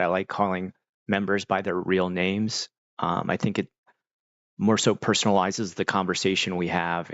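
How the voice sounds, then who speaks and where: Middle-aged male streamer, low gravelly voice, laid-back rambling chatter, dull dry mic. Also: fairly bright tone, no room sound. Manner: rambling, laid-back, heavy use of "like" and "dude". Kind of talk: casual chat with live viewers.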